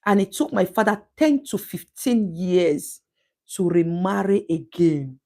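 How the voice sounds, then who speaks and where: This Nigerian-accented woman hosts a casual live stream and reads viewer comments, her delivery emphatic and preachy with words repeated for stress. Her voice is fairly low, dark and expressive, and she speaks a little slowly.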